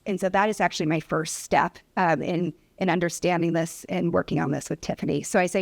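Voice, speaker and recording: A woman's voice: on the low side, fairly even intonation, brisk, creaky, few pauses. A woman physician who specializes in obesity, presenting at a public hearing and telling a patient story with acted-out dialogue. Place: hearing room.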